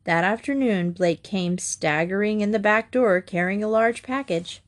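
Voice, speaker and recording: A woman narrating a children's chapter book in a clear, measured reading. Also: mid-range voice. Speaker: audiobook reader.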